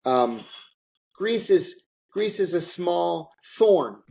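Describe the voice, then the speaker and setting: A man's voice: high voice, lively intonation, extremely slow, creaky, a little mellow. A man being interviewed, telling stories in a candid, emphatic way and repeating phrases for effect. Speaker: interview guest, former intelligence officer. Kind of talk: candid conversational storytelling.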